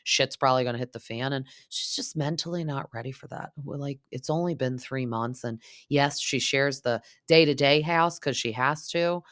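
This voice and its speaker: A woman's voice: a bass voice, moderate pace, few pauses, no room sound, studio quality. A woman hosting a casual reality-TV recap podcast, gossipy and chatty, full of "like" and "um". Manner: gossipy, frequent "like" and "um", mimics cast members.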